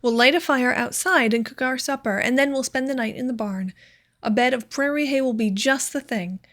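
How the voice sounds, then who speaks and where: A woman reading aloud, voicing a cheerful, resolute young woman who talks in a brisk, eager way. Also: high-pitched, a bit bright.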